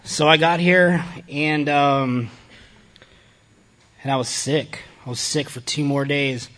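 A man's voice: fairly high pitch, fairly even intonation, slow, a bit bright. Blunt, foul-mouthed man sharing his story. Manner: profane, blunt and self-mocking. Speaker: recovery speaker addressing a group. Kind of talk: candid personal testimony talk.

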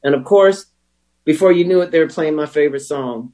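A man telling his recovery story as a personal testimony, candid and wry, with emotional pauses. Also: on the high side, warm tone, rough recording. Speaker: speaker sharing a recovery story.

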